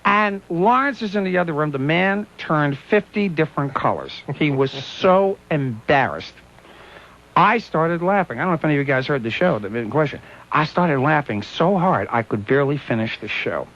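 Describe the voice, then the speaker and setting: Animated radio host man, lively pitch. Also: moderate pace. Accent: Pittsburgh. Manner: animated, laughing, doing voices in quoted bits. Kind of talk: casual on-air storytelling. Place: radio studio. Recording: dull lo-fi radio broadcast recording.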